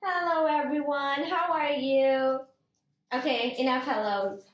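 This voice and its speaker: A woman's voice: high-pitched, steady tone, slow pace, echoey room, rough recording. A young woman filming her pet parrot at home, coaxing and cooing at it in a giggly baby-talk voice. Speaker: parrot owner and vlogger. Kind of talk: casual vlog talking to a pet.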